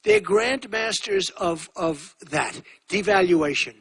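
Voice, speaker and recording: A man's voice: high voice, slow, fairly bright tone, breathy edge. A man in his sixties giving a campaign rally speech, talking in a repetitive, boastful, conversational way with asides to the crowd. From United States. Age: 60s. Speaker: political candidate speaking at a rally.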